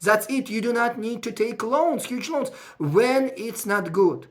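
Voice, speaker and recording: This is a speaker explaining finances casually, with phrasing that shows English is not their first language. The voice sits at a middle pitch. It grows loud and emotional when the speaker feels strongly about the point. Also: measured pace. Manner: emotional, raises voice when worked up; non-native English phrasing. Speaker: accountant giving financial advice. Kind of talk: casual advice talk to viewers.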